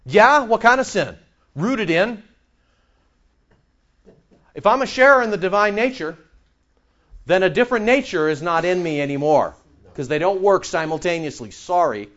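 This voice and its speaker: A man preaching with a high, lively voice that swoops up and down as he fires sarcastic rhetorical questions at his congregation. The sound is dull and lo-fi. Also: normal speed, long pauses. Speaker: pastor. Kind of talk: sermon.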